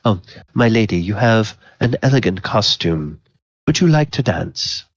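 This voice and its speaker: A man voicing a tall, elegant nobleman who speaks with a smooth accent. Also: fairly low pitch, animated, a little slow, no echo, highs cut off. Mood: suave.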